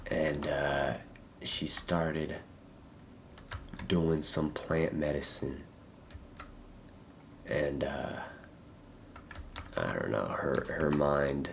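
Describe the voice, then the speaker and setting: A young American man streaming a game, talking in a loose, halting, rambling way full of fillers and restarts. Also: extremely low pitch, gravelly, darkish tone, a little hiss or hum. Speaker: livestreamer. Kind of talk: casual rambling gameplay chat.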